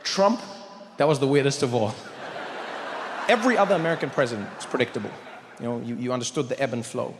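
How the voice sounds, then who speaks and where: A man doing stand-up comedy with a South African accent, animated, slipping into different voices and impressions. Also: medium pitch, fast talker, long pauses. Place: large venue with live audience. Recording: echoey hall, crowd noise.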